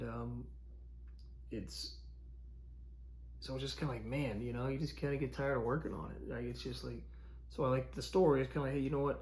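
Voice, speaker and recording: A man's voice: medium pitch, a little mellow. A young adult man telling a story in a loose, rambling way, with many fillers and restarts, for a casual daily vlog. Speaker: vlogger.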